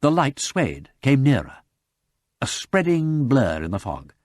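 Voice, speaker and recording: A man reading a novel aloud as an audiobook narrator, with dramatic, lively narration. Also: medium pitch, a little slow, no room sound, clean studio sound. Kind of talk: scripted narration.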